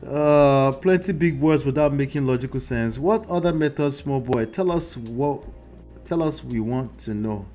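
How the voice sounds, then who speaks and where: Male host, mid-pitched, chatty and mocking, faint music behind. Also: a little slow. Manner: animated, mocking, laughs often. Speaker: host reacting to a video with live chat. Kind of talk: live reaction commentary.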